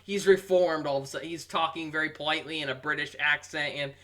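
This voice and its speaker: A young man giving a casual, rambling review, amused and full of pauses. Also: fairly high pitch, fairly even intonation. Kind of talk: casual commentary.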